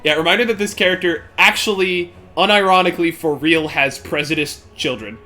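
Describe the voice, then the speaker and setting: A man's voice: on the high side, sharp tone, faint music behind. A young man running a tabletop game as game master, narrating casually with frequent laughs. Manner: casual, laughing, quick asides.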